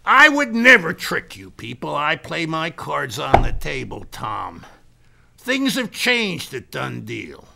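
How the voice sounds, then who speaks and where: Slow and a little high, this man's voice swings hugely in pitch with vocal fry, in full character voice over a very noisy recording. He's riffing in an improvised comic monologue as a bragging American businessman calling himself a Scottish laird, full of salesman bluster.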